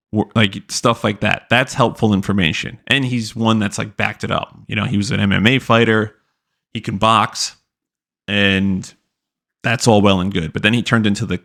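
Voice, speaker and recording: A man's voice: on the low side, gravelly, fairly bright tone. A young man hosting a podcast, ranting casually with profanity and lots of filler words. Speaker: podcast host. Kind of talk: casual commentary rant.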